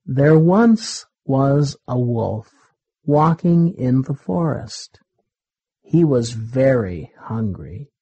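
A man reading a children's story aloud in a deliberate, simple way. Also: medium pitch, expressive, dark tone, husky, dry recording, poor audio. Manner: slow, deliberate, repetitive phrasing.

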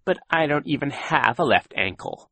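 A sugary, whining villain posing as a sea captain, voiced high and slippery, as a man reads him in a storybook. The voice climbs and swoops with a husky edge, recorded close and dry. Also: expressive, normal speed, sharp tone, no room sound, heavily acted. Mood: whiny. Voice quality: whiny, syrupy.

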